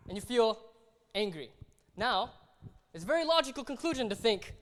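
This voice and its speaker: A man's voice: very high-pitched, very animated, normal speed, long pauses, fairly bright tone. A man preaching a sermon in a conversational way, acting out little everyday scenes as he talks. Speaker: pastor. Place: church hall. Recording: long hall reverb.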